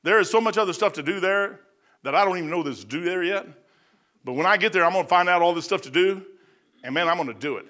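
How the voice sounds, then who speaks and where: A man preaching a sermon in a folksy, conversational way, swinging between loud outbursts and hushed asides. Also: sits high, lively intonation, a little fast.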